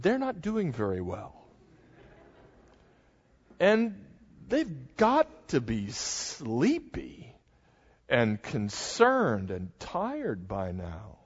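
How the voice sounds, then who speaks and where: A man's voice: medium pitch, wildly swooping pitch, drawn-out words, pauses often, husky. A man preaching a sermon as pastor, talking in a conversational, folksy way with asides to the congregation. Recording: dull lo-fi sound with long hall reverb.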